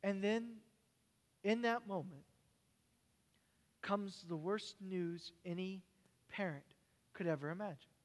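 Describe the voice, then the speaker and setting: A man, a pastor preaching a sermon, telling stories in an animated way and dropping to quiet, halting reflection. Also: sits high. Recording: long hall reverb.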